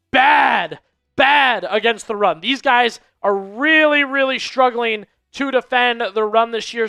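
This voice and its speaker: A man's voice: very high-pitched, bright, forceful tone, clean tone, no echo. A man hosting a live sports stream, giving casual pregame commentary and talking straight to his viewers, often repeating phrases for emphasis. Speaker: livestream sports show host.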